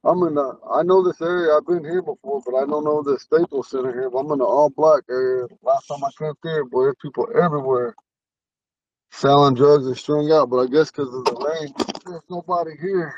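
A man's voice: fairly high pitch, brisk, distant mic, highs cut off, slight background noise. A man with a lisp, a Ponca language teacher, talking in a rambling, earnest way while he drives. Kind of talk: casual talk while driving. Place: inside a car on the road.

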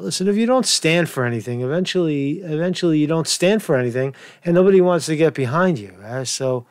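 A man's voice: fairly high pitch, no echo. A man delivering a crude, mocking political rant as a commentary vlogger, swearing often. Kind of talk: profane off-the-cuff political rant.

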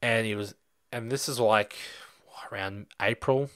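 An Australian man in his young adult years recounts a story in a loose, chatty podcast manner, full of ums and restarts. His voice sits fairly low. The recording is dry and close. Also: unhurried, smooth, no echo. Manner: rambling, animated anecdote with many fillers. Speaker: podcast host. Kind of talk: casual storytelling.

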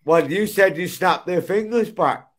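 A man's voice: high voice, unhurried. A man hosting a live stream, mocking and goading his opponent. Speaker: streamer host. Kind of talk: taunting live-stream banter.

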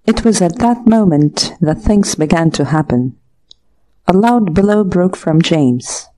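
A woman narrating an audiobook of a classic short story in a steady, measured way. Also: on the low side. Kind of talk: scripted narration.

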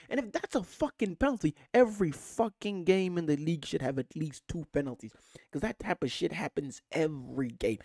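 A man's voice: sits high, normal speed, dry recording, clean studio sound. A man hosting a football fan channel, delivering an angry, profane rant straight to camera. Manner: furious, profane, animated ranting.

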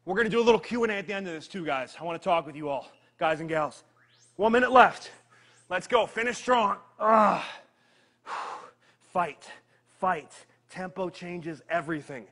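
High-voiced man coaching a workout. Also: brisk. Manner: energetic, joking, counts down reps. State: straining while exercising. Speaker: fitness trainer.

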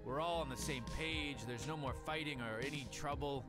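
A blissed-out alien boss , played by a man, rambles and stammers dreamily in a slightly raised voice. Loud game music fills the background. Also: on the high side, moderate pace, lightly acted. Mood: blissful.

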